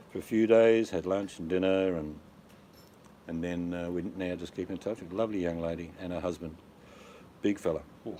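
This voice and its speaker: A man's voice: sits low, a little hiss or hum. A man chatting casually as a host, telling rambling stories with jokes. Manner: rambling, joking storyteller. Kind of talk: casual chat.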